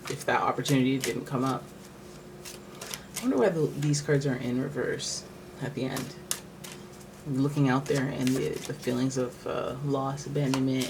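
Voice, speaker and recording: A man talks loosely through a tarot reading at a mid pitch, thinking aloud and circling back on himself. The talk is full of restarts and filler words. Steady background noise sits under his voice. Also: vocal fry. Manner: rambling, thinking aloud with many likes and restarts. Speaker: tarot reader.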